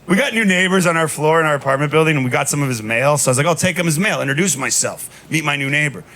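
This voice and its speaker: A man in his thirties doing a stand-up comedy set on a club stage, telling stories in a deadpan way with punchy asides. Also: a little high, racing. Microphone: handheld stage mic. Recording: live club recording with noise. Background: audience laughter.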